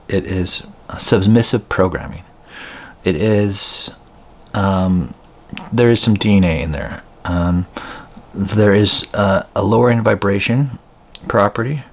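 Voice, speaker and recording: A man who is a spiritual healer, leading a guided energy-healing session. He speaks slowly and deliberately, with frequent ums and repeated chanted phrases. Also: low voice.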